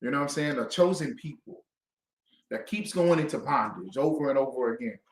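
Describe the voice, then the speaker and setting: A man's voice: mid-range voice, expressive, a little fast. A man leading a call-and-response Bible class, quizzing his students with emphatic questions. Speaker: class teacher. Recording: echoey room.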